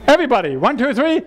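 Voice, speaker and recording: A man leading a humorous seminar workshop, playful and laughing as he coaxes the audience through exercises. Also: extremely high pitch. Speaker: seminar leader.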